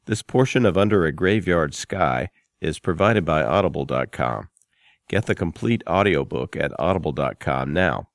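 A man announcing in a smooth, scripted promotional delivery. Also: extremely low pitch, lively intonation, moderate pace, dry recording, studio quality.

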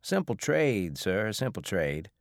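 A man playing an evasive, brisk family man. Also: lowish voice, sing-song, dry recording, studio quality, full character voice.

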